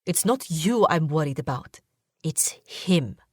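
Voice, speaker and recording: A woman's voice: sits low, expressive, measured pace, darkish tone, husky, no room sound, clean studio sound, heavily acted. A woman voicing a guarded, jealous young husband.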